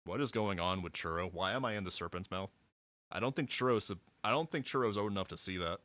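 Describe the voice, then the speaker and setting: A man streaming a story game, reacting to the scenes in a profane, mock-exasperated way and yelling at the characters. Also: low voice, quick pace, dry recording. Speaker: VTuber streamer.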